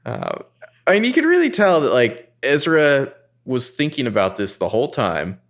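A man with a noticeably gravelly, fry-laden voice chats casually about a TV episode. His pitch swings widely as he acts out scenes, and he swears freely. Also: moderate pace. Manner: animated, profane, acts out scenes. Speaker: podcast co-host. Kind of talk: casual TV recap chat.

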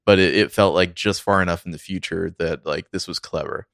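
A man co-hosting a casual film discussion podcast, rambling in a relaxed way with many fillers. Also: deep voice, a little fast, gravelly, no room sound, studio quality. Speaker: podcast co-host.

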